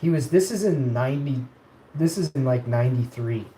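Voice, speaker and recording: In a warm, mid-range voice at a moderate pace, a man streams live, casually rambling through childhood stories. Laughter comes often, his voice rises when he quotes others, and the room echoes with faint ambient noise.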